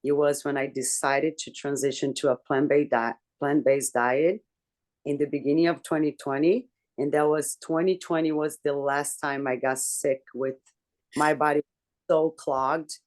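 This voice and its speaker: A woman in a casual group chat, telling a personal story candidly with swearing and lots of halting restarts. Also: deep voice, fairly even intonation, a little mellow. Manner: talks in halting restarts and fillers. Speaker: book club member.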